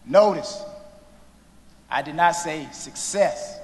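A man giving an inspirational commencement speech, slow and dramatic, with long pauses and sudden hushed moments. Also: on the high side. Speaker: commencement speaker. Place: large indoor hall. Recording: long reverb of a large hall.

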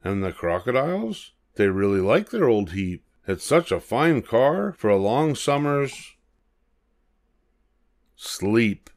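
An older man reading a rhyming picture book to children. His delivery is gentle and sing-song, and his pitch rises and falls freely. He takes an unhurried, deliberate pace. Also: sing-song, no echo, studio quality. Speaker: storybook reader. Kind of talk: children's read-aloud.

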